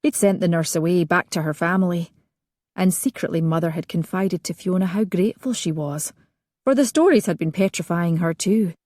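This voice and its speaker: A woman narrating a romance audiobook with measured storytelling. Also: on the low side, a little mellow, no room sound, clean studio sound.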